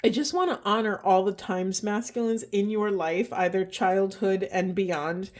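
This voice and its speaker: A woman giving a slow, halting spiritual card reading, emotional, with heavy breathing and a trembling voice. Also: mid-range voice. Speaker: oracle card reader.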